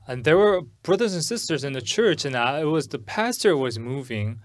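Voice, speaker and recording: Halting pastor telling a story. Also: male voice, a little high. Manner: halting, repeats and restarts words while telling a personal story. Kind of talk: sermon storytelling. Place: church service.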